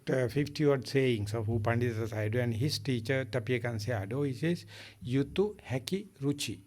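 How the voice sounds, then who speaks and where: Emphatic Sri monk teaching. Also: male voice, mid-range voice, darkish tone. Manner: emphatic, repetitive, plain-spoken. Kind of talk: dharma discussion answers.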